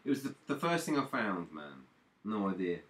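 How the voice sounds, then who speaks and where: A man's voice: fairly low pitch, sing-song, normal speed, fairly bright tone. A man co-hosting a live stream, talking in a laid-back, rambling way with frequent laughs and fillers. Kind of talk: casual chat.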